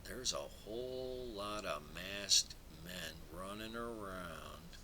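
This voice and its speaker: A man's voice: lowish voice, expressive, slow, sharp tone, slight background noise, low-quality recording. A man giving a digressive, casual talk as an astrology presenter, dropping into asides under his breath. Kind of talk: rambling casual lecture.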